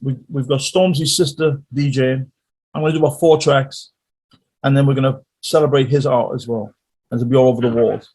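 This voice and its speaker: A man telling stories as a guest musician in a casual interview, animated and rambling. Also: mid-range voice, a little fast, slightly rough.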